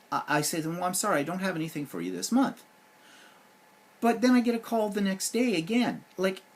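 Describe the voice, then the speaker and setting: Husky man ranting on his vlog. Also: medium pitch. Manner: sarcastic, animated griping. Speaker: vlog host. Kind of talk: casual vlog rant.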